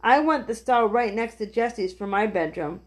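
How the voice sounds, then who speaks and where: A woman's voice: fairly high pitch, expressive, moderate pace, close to an everyday voice. A woman reading aloud, voicing an eager, hungry little boy in a children's storybook.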